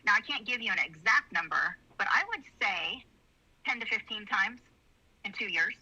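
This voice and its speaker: A woman's voice: medium pitch, lively intonation, moderate pace, bright, forceful tone, slightly rough. A middle-aged woman telling a personal family story in an earnest, rambling way. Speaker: interview guest. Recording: slightly muffled video audio.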